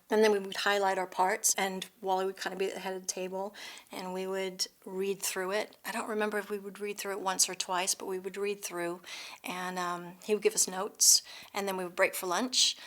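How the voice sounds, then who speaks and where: A woman voice actress with a mid-range voice recalls her recording sessions. She explains the process with steady enthusiasm. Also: mid-range voice, a little fast. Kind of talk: retrospective interview.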